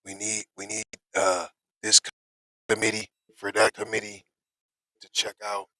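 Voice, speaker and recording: A man casually commenting on news he reads aloud, slangy and animated, with excited outbursts, on a close mic in a dry small room. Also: on the low side, measured pace, dry recording, rough recording.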